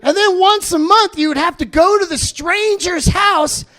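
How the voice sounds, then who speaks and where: A man doing a loud, profane stand-up set, ranting. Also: very high-pitched, unhurried. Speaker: stand-up comedian.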